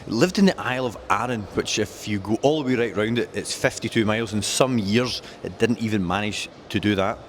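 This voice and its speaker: A man's voice: on the low side, brisk, few pauses, slight background noise. A man presenting cars at a dealership in casual, jokey chat, rattling off specs with enthusiasm. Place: car dealership.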